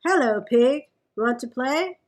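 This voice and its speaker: A woman reading a storybook aloud, voicing an eager, chatty young rabbit in a bright voice. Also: sits high, animated, slow pace, full character voice.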